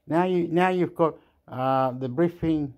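A man's voice: a little high, measured pace, a little mellow, highs cut off. A man rambling and swearing in a casual monologue, dropping into now and then. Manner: swearing, rambling, mixes English and Spanish.

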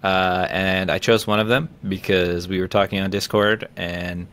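A man co-hosting a casual podcast, talking in a relaxed, rambling way. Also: low voice, smooth. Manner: relaxed, rambling, reads out loud haltingly. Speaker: podcast co-host. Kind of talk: casual chat.

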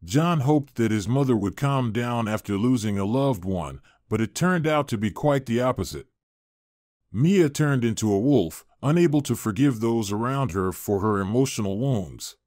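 A man narrating a scripted story in an expressive storytelling manner. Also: medium pitch, moderate pace, no echo, clean studio sound.

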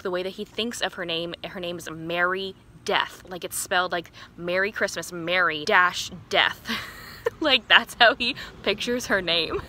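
A book vlogger in her early twenties chats casually outdoors in the sunlight about a book she's reading. Her mid-range voice is bright and forceful, and she's giggly and says "like" constantly. A little hiss or hum sits in the background.

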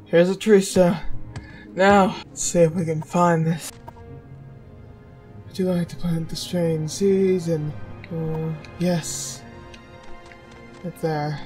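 Woman gamer cursing at the game, super slow drawl, faint game music behind. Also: fairly low pitch, fairly even intonation, darkish tone. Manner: irritated, swearing at enemies, muttering to herself. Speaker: gameplay streamer. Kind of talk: profane let's-play commentary.

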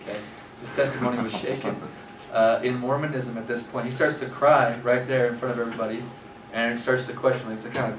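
A man's voice: medium pitch, steady tone, fairly quick. Male scripture teacher with a mid-range voice and a casual storytelling delivery, recorded from a distance in a roomy space with background noise. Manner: conversational storytelling with fillers. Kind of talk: scripture class lecture. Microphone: far from speaker. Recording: roomy, distant, noisy room.

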